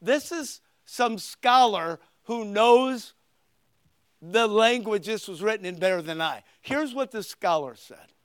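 An older man preaching a sermon, swinging between loud emphatic points and quiet conversational asides. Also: high voice, lively intonation, slow, clear, resonant tone. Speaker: pastor.

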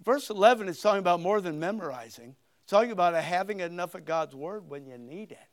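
An older man preaching a sermon, swinging between loud emphatic points and quiet conversational asides. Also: sits high, animated, fast talker. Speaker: pastor.

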